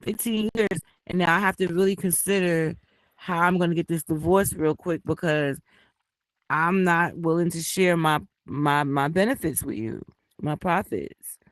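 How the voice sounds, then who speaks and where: A man's voice: fairly high pitch, normal speed, fairly bright tone, no echo. A man in a casual group discussion, starting hesitantly with stammers.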